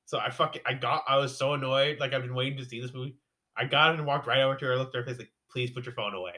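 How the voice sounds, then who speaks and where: A young man in casual chat, talking quickly with lots of "like" fillers. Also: mid-range voice, flat delivery, sharp tone.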